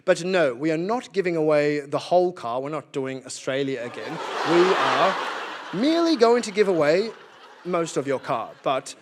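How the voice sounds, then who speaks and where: A man's voice: on the high side, animated, moderate pace, heavy background noise, voice pushed down, lightly acted. A comedian voicing a smug, condescending colonial British official who breezily reassures his listeners.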